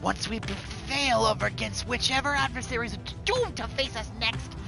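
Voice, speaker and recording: A man's voice: extremely high pitch, normal speed, vocal fry, pitched above the performer's own voice. A man voicing a haughty, formal male worm knight who declaims his words, over game music. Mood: indignant.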